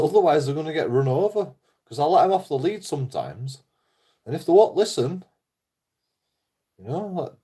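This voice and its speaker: A man's voice: mid-range voice, dark tone, slightly rough. Blunt, swearing man, darker tone. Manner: heavy swearing, blunt, laughs often. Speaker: YouTuber. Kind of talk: casual rambling monologue.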